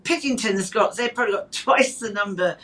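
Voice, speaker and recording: A woman's voice: medium pitch, fairly quick, fairly bright tone. A woman, a guest on a talk show, speaking in a blunt, outraged way with stumbling restarts. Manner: outraged and blunt, with many stumbling restarts and laughs between points. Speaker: studio guest. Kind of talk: opinionated talk show chat.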